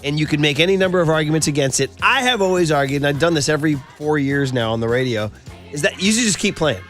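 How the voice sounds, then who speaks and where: A man's voice: fairly high pitch, fast, faint music behind. A middle-aged man hosting sports talk radio in a studio, telling stories with lots of fillers. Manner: animated storytelling, frequent fillers.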